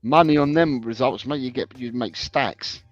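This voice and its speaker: A man co-hosting a casual live-stream podcast, briskly reading out viewer predictions. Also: mid-range voice, no echo, faint music behind. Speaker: podcast co-host. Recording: dull, dry lo-fi sound.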